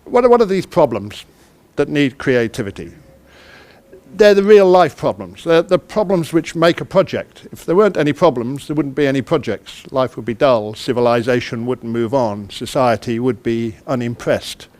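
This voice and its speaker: A man's voice: medium pitch, lively intonation, moderate pace, a little mellow. Chatty English man talking to an audience. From United Kingdom. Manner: chatty, self-deprecating, quizzes the audience. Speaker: conference speaker. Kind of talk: interactive conference talk. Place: conference hall.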